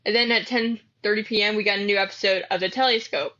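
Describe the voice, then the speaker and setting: A woman's voice: mid-range voice, steady tone, fast talker, sharp tone, dull audio. A woman reading out a mock TV channel's evening schedule in a casual, chatty way.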